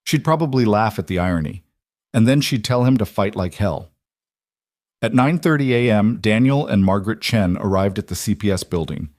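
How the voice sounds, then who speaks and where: A man reading a dramatic story aloud in a steady, measured narration voice. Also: fairly low pitch, no echo, studio quality.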